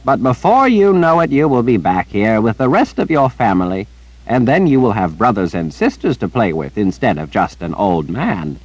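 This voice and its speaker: A man's voice: on the low side, sing-song, moderate pace, darkish tone, no echo, voice pushed up, low-quality recording. A man doing a kindly old wizard. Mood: fond.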